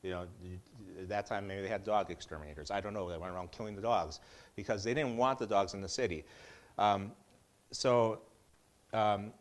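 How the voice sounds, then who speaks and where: A man's voice: on the low side, moderate pace. A middle-aged man giving a casual Bible teaching in a conversational way, with joking asides and frequent restarts.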